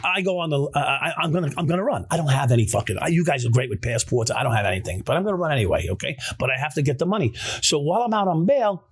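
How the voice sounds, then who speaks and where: A man hosting a podcast, telling a story in a casual, animated way that is full of swearing and stammered restarts. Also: fairly high pitch, racing, few pauses, breathy edge.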